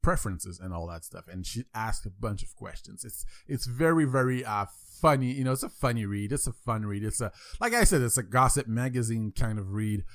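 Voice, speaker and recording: A man's voice: lowish voice, expressive, brisk, hardly any pauses, fairly bright tone, no room sound, clean studio sound. A man with a French accent hosting a podcast, rambling through a casual intro with many repeats and fillers. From France. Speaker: podcast host.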